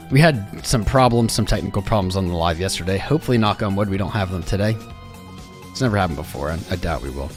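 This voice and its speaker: A relaxed American man hosts a casual live stream, chatting loosely and greeting viewers by name. His voice sits on the low side and is a touch hoarse. Faint music plays behind him. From United States. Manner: laid-back, greets chat by name, rambling. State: slightly losing his voice. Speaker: crypto livestream host. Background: music playing.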